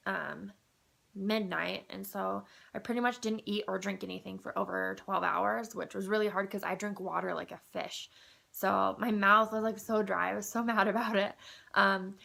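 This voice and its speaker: A young woman vlogging a casual personal update, chatty and excitable, with lots of ums and likes, a little groggy. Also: medium pitch, vocal fry. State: groggy after anesthesia.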